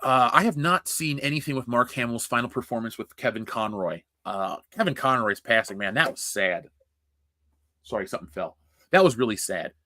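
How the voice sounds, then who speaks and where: A man's voice: mid-range voice, expressive, moderate pace, pushed and bright. A man hosting a casual livestream, reading chat and ranting bluntly with profanity. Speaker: livestream host.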